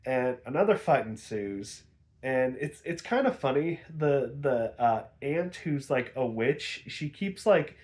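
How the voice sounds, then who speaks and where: A man's voice: mid-range voice, expressive, slow pace, a little mellow. A young man giving a casual, chatty recap of a TV episode, laughing often and using many fillers. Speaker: episode reviewer.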